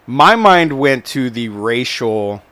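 Guy on a podcast reading news stories, swears a lot, mid-pitched voice. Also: lively intonation, very slow, fairly bright tone. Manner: swears freely, joking. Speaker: podcast co-host.

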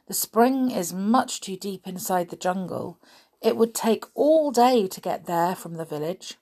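A woman's voice: medium pitch, lively intonation, measured pace, darkish tone. A woman doing an earnest young jungle boy.

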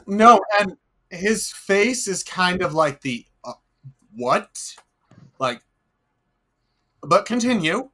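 A man playing a tabletop game, talking in a halting way with lots of fillers. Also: high voice, animated, sharp tone. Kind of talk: casual actual-play chat.

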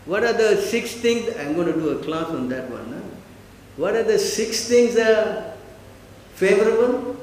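A man's voice: sits high, expressive, measured pace, a little mellow, slight background noise. A man giving a devotional class, emphatic and full of rhetorical questions, checking often that listeners understand. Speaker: spiritual teacher. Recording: echoey hall.

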